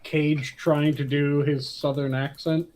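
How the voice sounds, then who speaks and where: A man with a slightly high voice chats on a podcast. He is blunt and terse and mostly answers with short agreements. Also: level tone, slow pace, a little mellow. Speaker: podcast co-host. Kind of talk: casual chat.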